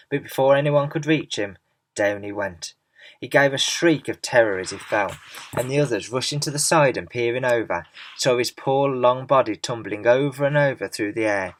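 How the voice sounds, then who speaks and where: A man reads a children's novel aloud, storytelling with lively expression. He speaks at a middling pitch, neither high nor low. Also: no room sound. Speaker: narrator. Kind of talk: audiobook reading of a children's novel.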